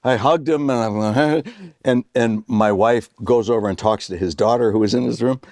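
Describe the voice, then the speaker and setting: A man in his sixties appears as a guest actor on a chat show, casually telling a story and animatedly performing the voices of the people in it. His medium-pitched voice moves at a normal speed, recorded dry with studio quality.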